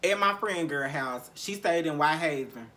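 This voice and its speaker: Bright-voiced man telling a raw story. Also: a little high, animated, normal speed. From Memphis, Tennessee. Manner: profane, repetitive, heavy sighs, emotional recounting. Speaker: podcast host. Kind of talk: candid storytelling monologue.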